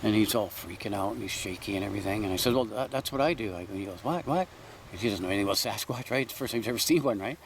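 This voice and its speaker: A man in a casual chat who tells field stories in an animated way and acts out the voices of the people he quotes. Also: fairly low pitch, rapid-fire, few pauses, slight background noise. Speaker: Sasquatch researcher.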